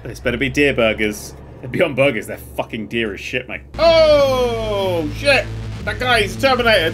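A man giving loud, swearing, excitable live commentary while streaming a game, with sudden yelps and laughs. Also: sits high, measured pace, a little hiss or hum.

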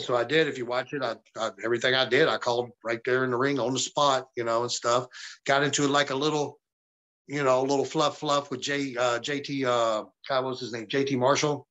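A man from the American South tells wrestling stories in a loose, profane way, jumping into the voices of people he quotes. His voice sounds bright and forward. The pitch sits in a middle range. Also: brisk. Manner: profane, animated storyteller acting out quotes. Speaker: wrestling guest. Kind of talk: casual storytelling interview.

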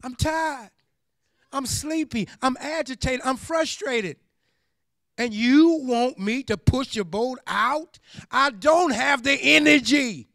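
A man preaching while acting out a tired, irritable fisherman who complains and yells to be left alone. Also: extremely high pitch, slow pace, vocal fry, dry recording, clean studio sound, voice pushed up, heavily acted. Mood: exasperated. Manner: whiny, exasperated complaining, rising to yells.

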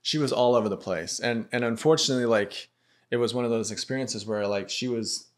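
A man with an American accent telling stories from his work as a racket stringer, relaxed and full of fillers. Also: medium pitch, a little fast. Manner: relaxed, anecdotal, many fillers and restarts. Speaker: tennis racket stringer, guest. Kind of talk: casual podcast storytelling.

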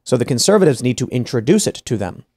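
A podcast host pushes his opinion in a studio panel discussion, frequently starting over mid-sentence and imitating the people he quotes. He speaks quickly in a mid-range, sing-song voice that is darkish and slightly rough.

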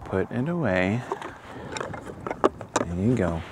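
A man talks casually to his camera out in the open air, joking at his own expense and chuckling between thoughts. His delivery is slow and unhurried. His pitch rises and falls a great deal as he talks. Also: big pitch swings, background noise. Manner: self-deprecating, chuckling, thinking aloud. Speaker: channel host trying bagpipes. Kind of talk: casual solo vlog. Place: outdoors in the open.

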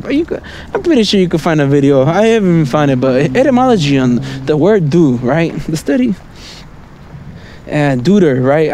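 A man's voice: high voice, mellow. A man vlogging a rambling, casual stream-of-thought monologue, outdoors on a city street at night, constantly asking "right?" and "you know?" and chuckling between thoughts.

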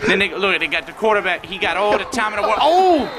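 A young man trades jokes as co-commentator, putting on a playful country drawl. His voice is a little high, and a crowd roars behind him. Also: sing-song, fast. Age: young adult. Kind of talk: comedic banter.

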